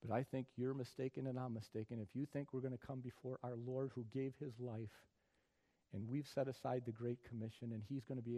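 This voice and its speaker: A middle-aged man preaching a sermon as pastor, building from quiet talk to loud, emphatic passages. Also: mid-range voice, flat delivery, brisk.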